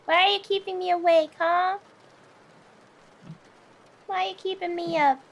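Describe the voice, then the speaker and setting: A young woman streaming late at night, chatting casually with viewers, tired but giggly and animated. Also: very high voice, unhurried, muffled recording. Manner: giggly, animated, often laughs.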